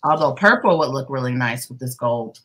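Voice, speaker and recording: Low, bright-voiced woman hosting a craft stream. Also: expressive, normal speed, slight background noise. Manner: chatty, greets viewers warmly by name; playful teasing with laughter. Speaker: livestream host. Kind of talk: casual livestream chat while crocheting.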